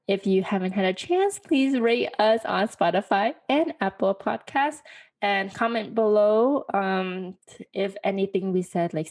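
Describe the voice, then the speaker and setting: A woman's voice: medium pitch, a little mellow. A woman co-hosting a casual podcast, talking in an encouraging way with small fillers. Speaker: podcast co-host, sonography student.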